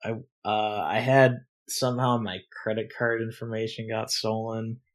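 A young man co-hosting a casual podcast, telling a story and acting out both sides with sudden loud outbursts and lots of swearing. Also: lowish voice, flat delivery, moderate pace. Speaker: podcast co-host. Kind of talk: casual chat.

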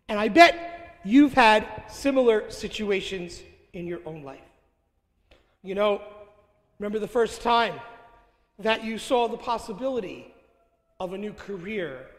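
An older man, a priest, giving a homily with slow, deliberate delivery and reflective pauses. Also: high voice. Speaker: Catholic priest. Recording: long hall reverb.

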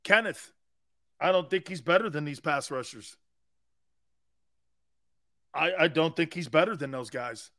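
A middle-aged man hosting a sports talk show, rambling loudly with frequent laughs between topics. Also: fairly high pitch, a little slow, long pauses, dry recording, clean studio sound. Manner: loud, laughing, rambling banter. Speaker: sports radio host.

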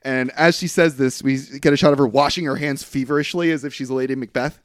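A man's voice: fairly even intonation, fast, dry recording, studio quality. A young man co-hosting a podcast, casually recapping a film plot and acting out the characters' lines with jumps in his voice. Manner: rambling, acts out quotes with pitch jumps. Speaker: podcast co-host. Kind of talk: casual movie recap chat.

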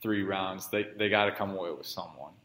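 Man, podcast host, low voice, rambling, echoey room. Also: a little fast, a bit bright. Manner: rambling, many restarts and fillers. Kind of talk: casual podcast chat.

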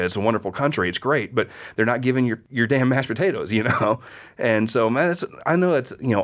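A middle-aged man from the Midwest talks casually on his podcast, his voice fairly low and pitched a little under the usual. He tells stories with energy and slips into little voices for the people in them. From American Midwest. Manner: animated storyteller, voices people in anecdotes. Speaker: podcast host. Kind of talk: casual conversation.

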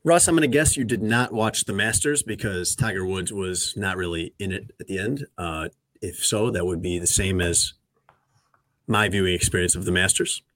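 A sports radio host in his thirties or forties, with a low, slightly bright voice, talks at normal speed in a dry recording. He recaps the news conversationally and drily, with lots of fillers.

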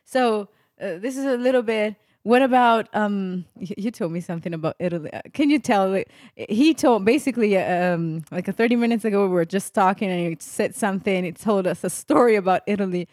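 A woman hosting a faith-based interview, soft-spoken, stammering as she forms questions and often exclaiming praise. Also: mid-range voice, fairly quick, few pauses, no echo, studio quality. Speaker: host.

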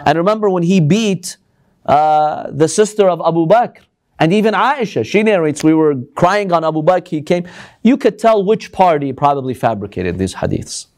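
A man lectures a live audience on religion. His voice sits high and swings widely in pitch as he presses his points with one rhetorical question after another. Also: expressive, normal speed, darkish tone.

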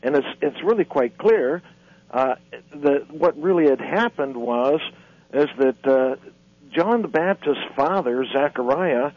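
A man's voice: a little high, lively intonation, no echo. Earnest man lecturing on radio. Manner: earnest, lecturing, halting restarts. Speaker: guest, author and lecturer. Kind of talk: radio interview. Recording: muffled radio broadcast.

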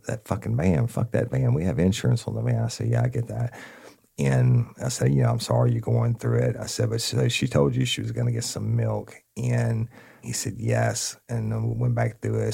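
A man's voice: extremely low pitch, creaky, a little mellow, slightly rough. A man telling an old police case to listeners, blunt and profane, acting out both sides of the conversations. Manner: blunt, profane, addresses listeners as y'all, acts out dialogue. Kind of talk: casual storytelling to an audience.

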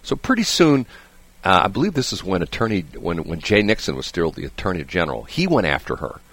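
A middle-aged man hosting a talk show, telling a long story in a casual, animated way, often restarting his sentences and checking in with "okay?". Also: deep voice, fairly quick, husky, dry recording. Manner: rambling, animated, frequent restarts and "okay?" asides. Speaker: radio show host.

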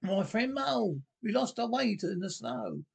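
A man's voice: high-pitched, expressive, moderate pace, creaky, breathy edge, pitched above the performer's own voice, heavily acted. A man voicing an eager small male water rat, pleading to be let in, in a storybook reading.

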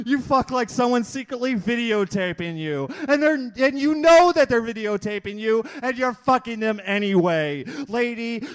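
A man performing a rhythmic spoken-word slam poem live on a stage mic, repeating lines and building to shouts. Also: extremely high pitch, clear, resonant tone. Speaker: slam poet.

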